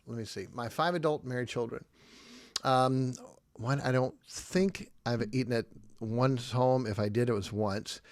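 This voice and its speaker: Emphatic middle-aged pastor, dry sound. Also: male voice, medium pitch, dry recording. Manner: conversational and emphatic, checks in with "okay?". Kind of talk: casual podcast teaching.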